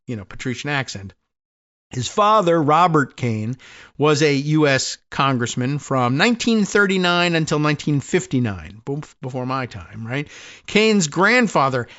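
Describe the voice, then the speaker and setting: A man's voice: mid-range voice, fairly bright tone, highs cut off. A man hosting a podcast, telling a rambling, wry story in a casual monologue with many restarts. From New Jersey. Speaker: podcast host.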